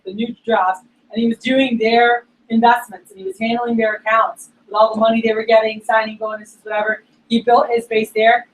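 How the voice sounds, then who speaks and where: Animated woman telling a motivational story. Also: a little high, rough recording. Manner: animated, casual, slangy, lots of fillers. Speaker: speaker at a staff meeting. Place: meeting room.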